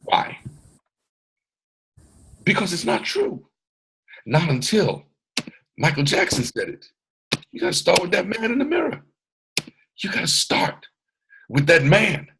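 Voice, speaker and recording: A man's voice: sits high, very animated, measured pace, vocal fry, pauses often, background noise. A man leading a motivational training session on a video call, boisterous and strong in his delivery, repeating phrases like a preacher. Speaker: mentor hosting a training call.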